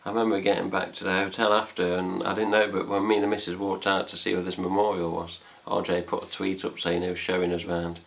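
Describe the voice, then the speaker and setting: A man with an English accent and a very low, gravelly voice chats casually at home. He rambles through the story with lots of fillers and mild swearing, in a relaxed vlog style. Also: quick pace, few pauses. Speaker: fan site vlogger. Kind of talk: casual chat.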